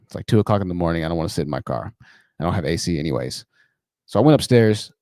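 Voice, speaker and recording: Male call-in show host, low and warm, chatty and animated, dry close sound. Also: rapid-fire, dry recording. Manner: animated, chatty, laughs at his own stories. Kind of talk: livestream commentary and storytelling.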